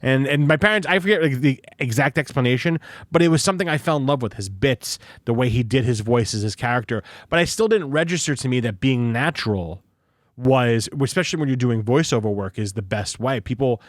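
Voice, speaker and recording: A man's voice: medium pitch, lively intonation, fairly quick, no echo. A young man hosting a podcast in casual chat, rambling and swearing, recorded on a studio microphone. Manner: swearing, rambling, laughs often. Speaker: podcast host.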